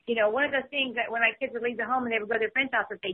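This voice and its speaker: A woman's voice: on the high side, steady tone, very fast. Chatty woman on a tinny phone line. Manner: chatty, frequent "you know" fillers. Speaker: podcast guest speaker. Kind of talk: casual podcast talk.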